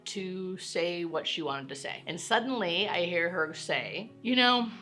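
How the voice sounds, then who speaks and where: A woman's voice: fairly low pitch, lively intonation, a little slow, fairly bright tone, faint music behind. A woman who works as a hospice nurse, telling a story from her work in a candid, casual way and laughing often. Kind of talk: casual educational talk to camera.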